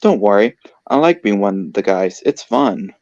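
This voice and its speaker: A man's voice: fairly low pitch, lively intonation, normal speed, darkish tone, highs cut off. A man reading aloud, voicing a tomboyish young female cartoon character in his own easygoing voice.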